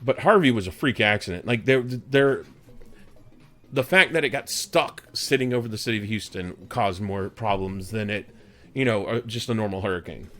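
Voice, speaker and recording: A man's voice: on the low side, expressive, normal speed, fairly bright tone. A man with a Texan accent hosting a live stream, chatting casually with viewers in a rambling, jokey way. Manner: rambling, chatty, jokey, talks to chat by name. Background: background music.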